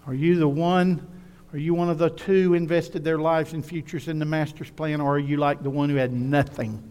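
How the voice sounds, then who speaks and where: A man delivering a sermon in a slightly high voice. He speaks earnestly, pressing his listeners with rhetorical questions. His words carry a long hall reverb. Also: a little mellow. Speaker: pastor.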